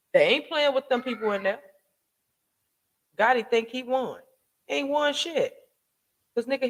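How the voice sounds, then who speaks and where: An online commentary host rants emphatically on a casual vlog, his high, slightly bright male voice full of slang, profanity, rhetorical questions and stammering restarts. He records on a home desk mic with a soundboard.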